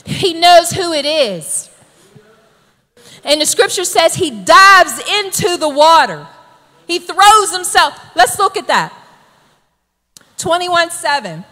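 A woman preacher delivering an emphatic, exhorting sermon that builds to shouted calls to the congregation. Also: very high-pitched, big pitch swings, takes it slowly, long pauses, long reverb tail.

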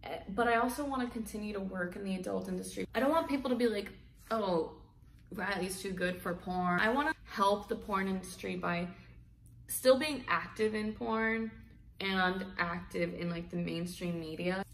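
A woman's voice: mid-range voice, normal speed, creaky, a bit bright, reverberant. A woman in her thirties talking candidly to her channel's viewers, rambling and emotional, her voice sometimes dropping to a whisper. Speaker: YouTube vlogger. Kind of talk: candid confessional vlog.

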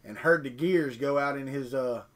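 A man's voice: mid-range voice, moderate pace, fairly bright tone. A middle-aged man, chatting casually and telling rambling folksy stories on a morning live stream. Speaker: 3D printing vlogger reading chat.

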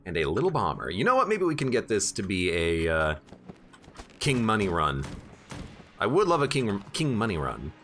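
A man's voice: on the low side, wildly swooping pitch, moderate pace, fairly bright tone, slight background noise. A man giving casual, jokey gameplay commentary while streaming and chatting with his viewers. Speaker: streamer playing a video game.

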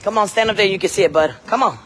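A woman's voice: mid-range voice, rapid-fire, fairly bright tone, a little hiss or hum. A middle-aged woman, chatting casually to live-stream viewers and her kids outdoors on a phone. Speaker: vlogger and mom. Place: outdoors at a scenic waterfall spot.

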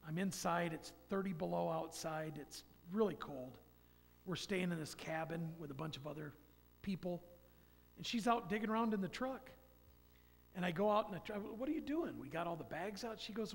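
A man's voice: sits high, animated, moderate pace, gravelly. A man in his fifties giving a folksy, rambling personal testimony in church. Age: 50s. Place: church sanctuary. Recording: long church hall reverb.

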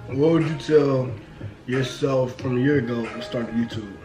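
A man's voice: mid-range voice, normal speed. A young man hosting a casual mukbang chat, joking and laughing with his mother. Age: young adult. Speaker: host. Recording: echoey room, music behind.

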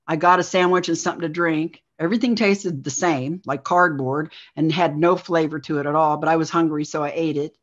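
A woman, a guest, recounting a personal experience in a halting storytelling way, often saying "like". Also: sits low, fairly even intonation. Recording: dull lo-fi audio.

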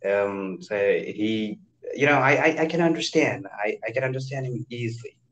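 On a casual video call, a young man from India who is learning English talks with eager animation and an Indian English accent, frequently starting sentences over. He speaks at a normal speed in a mid-range voice, and the computer mic recording is low in quality.

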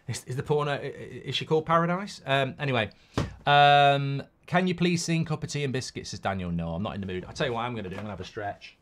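Male streamer, middle-aged, chatty and opinionated, lively pitch that jumps around. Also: quick pace. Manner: rambling and opinionated, many restarts. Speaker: football watchalong host. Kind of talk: casual live-stream chat reading viewer comments.

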